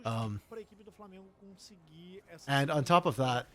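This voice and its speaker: A man co-streaming an esports match, talking in a casual, joking, rambling way, his voice hoarse from yelling. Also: mid-range voice, expressive, slow pace. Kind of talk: casual live-stream commentary.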